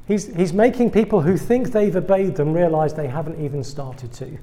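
English man, guest preacher, wry self-deprecating humour, slightly high voice, mellow tone, sermon to students. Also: moderate pace. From England.

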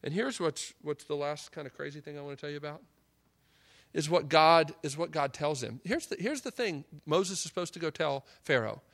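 A man preaching a sermon in an animated, emphatic way, acting out the lines he quotes. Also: fairly high pitch, normal speed, vocal fry.

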